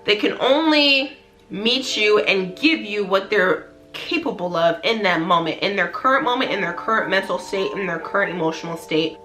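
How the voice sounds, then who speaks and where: A woman's voice: mid-range voice, normal speed, pushed and bright. A woman vlogger speaking to her viewers in an earnest, emphatic motivational talk, repeating phrases for emphasis. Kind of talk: heartfelt motivational talk to camera.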